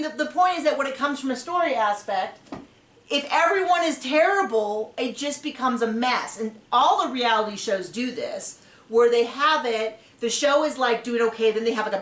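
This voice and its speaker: A woman with a fairly high voice chats casually as a TV recap host. She rambles, restarting her sentences and filling gaps with "like". The recording has a noticeable roomy echo. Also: a bit bright. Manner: rambling, with frequent restarts and fillers. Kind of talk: casual chat.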